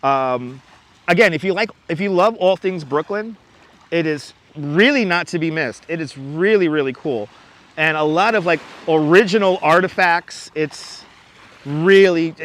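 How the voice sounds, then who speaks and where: A man's voice: fairly high pitch, lively intonation, moderate pace, a bit bright. A man hosting a casual outdoor livestream by the water at night, chatting loosely and reading the chat aloud. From New York City. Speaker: livestream host. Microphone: wireless clip-on mic.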